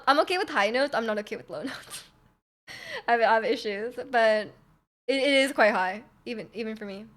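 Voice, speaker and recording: With a fairly high-pitched, fairly bright voice, a young woman hangs out casually with her livestream audience. She reads chat, rambling loosely and responding to questions as they come in.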